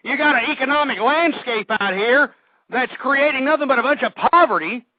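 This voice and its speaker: A man's voice: very high-pitched, normal speed, dry recording. Ranting man on a tinny phone line. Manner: ranting, swings from shouting to weary sighing. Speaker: talk radio host. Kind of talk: call-in radio monologue.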